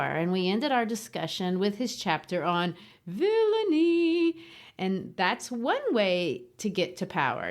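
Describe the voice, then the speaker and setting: A woman co-hosting a literature podcast, explaining ideas in a thoughtful, lively way. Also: medium pitch. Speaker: podcast co-host. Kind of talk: casual literary discussion.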